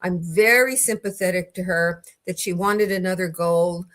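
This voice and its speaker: A woman's voice: lowish voice, normal speed, fairly bright tone. An older woman hosting a legal commentary livestream, telling a story in a chatty, opinionated way with frequent restarts.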